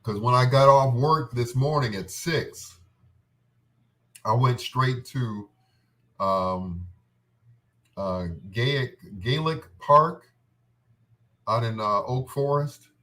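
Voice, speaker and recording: A man's voice: mid-range voice, slow pace, pauses often, bright, forceful tone. A man hosting a show, telling comic stories in a rambling way, laughing often and slipping into voices. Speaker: host. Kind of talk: comedic storytelling monologue.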